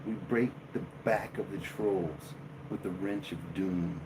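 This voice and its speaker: A man hosting a live stream, chatting casually and joking with his viewers in a slow, drawling way. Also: low-pitched, background noise. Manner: slow, drawling, jokey banter with chat. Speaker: livestream host.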